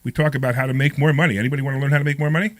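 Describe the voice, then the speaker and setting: Fast-talking nasal radio host with a cold. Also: male voice, medium pitch, fairly even intonation. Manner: joking, rambling, self-mocking. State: getting over a cold, coughing. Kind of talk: casual radio chat. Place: radio studio.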